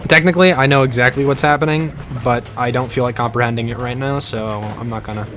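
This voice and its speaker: A man's voice: mid-range voice, fairly even intonation, fast talker, fairly bright tone, slight background noise. A man streaming a game, chatting casually and playfully with his viewers in a rambling way.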